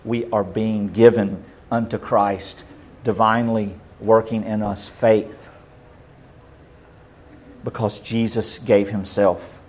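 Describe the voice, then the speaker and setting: A male pastor, preaching a sermon and swinging between loud and soft. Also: on the low side.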